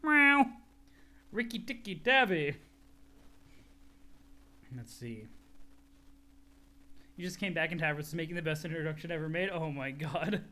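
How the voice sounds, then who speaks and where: A man streaming a live reading, excitable and laughing often as he talks to chat. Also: on the high side, fairly quick, long pauses.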